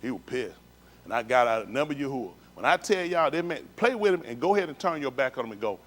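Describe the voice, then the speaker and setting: A man's voice: medium pitch, big pitch swings, quick pace, fairly bright tone. Emphatic man giving street-talk testimony. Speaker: congregation speaker giving testimony. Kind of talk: personal testimony to a congregation. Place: synagogue livestream.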